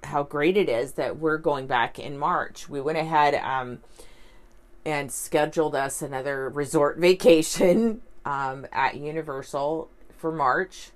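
A woman's voice: low-pitched, unhurried. A woman talking casually to camera as a vlogger and life coach, in a rambling, upbeat way full of fillers and restarts. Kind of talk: casual vlog storytelling.

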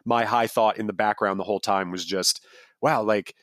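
A man co-hosting a podcast speaks in a lowish, slightly bright voice with fairly even intonation and a moderate pace. His casual chat rambles, heavy with fillers and restarts, in a dry, studio-quality recording.

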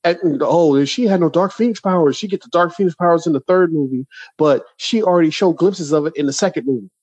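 A man's voice: a little high, fast, breathy edge, dry recording. A man co-hosting a podcast, ranting in casual chat with lots of restarts. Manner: animated, ranting, many restarts. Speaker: podcast co-host.

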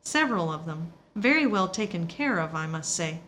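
A woman's voice: fairly low pitch, animated, moderate pace, fairly bright tone, slight background noise. A woman narrating a first-person audiobook story, confiding and reflective in tone.

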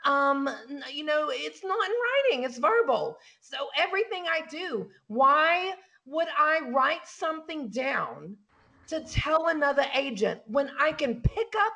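This is a loud, boastful cougar of a realtor, put on by a woman in a comedy podcast sketch. The voice sits high and gravelly, and she talks bossy and catty, bragging about herself. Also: animated, unhurried, heavily acted. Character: brash flirty middle-aged woman realtor, self-styled cougar. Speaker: comic character in a podcast sketch.

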